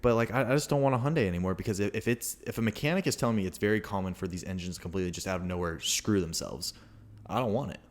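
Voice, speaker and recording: Racing along in a fairly low voice, a young podcast co-host spins a long, rambling story in casual conversation. He's animated and keeps restarting his sentences.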